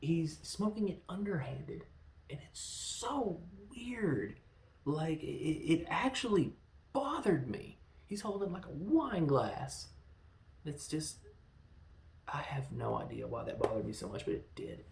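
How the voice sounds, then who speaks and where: A gravelly-voiced man in his thirties talks through a movie in a loose, rambling review. He is animated and drops into quick quoted lines along the way. The sound is roomy and echoey. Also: fairly high pitch. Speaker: podcast host reviewing films.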